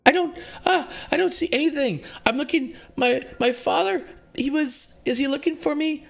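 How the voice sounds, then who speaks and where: A man's voice: very high voice, moderate pace, creaky, voice pushed up. Nepartak, a man doing a panicked lost girl. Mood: frantic. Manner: frantic, stammering, repeating questions.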